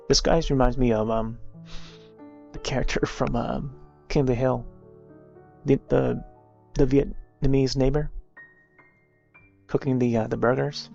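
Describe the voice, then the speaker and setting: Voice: medium pitch, steady tone, unhurried, creaky, pauses often, warm tone, muffled recording, soft background music. A streamer chatting casually while playing, rambling and searching for words. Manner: rambling, full of fillers like "like". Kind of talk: casual gameplay commentary.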